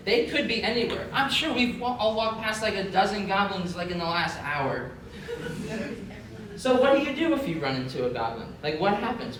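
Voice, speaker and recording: A young man hosting a comedy panel at a convention, talking in a mock-serious, conspiratorial way with lots of fillers, heard through a room microphone. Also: high voice. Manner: deadpan mock-conspiratorial, chatty with many fillers. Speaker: panel host. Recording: very echoey hall from far off, noisy.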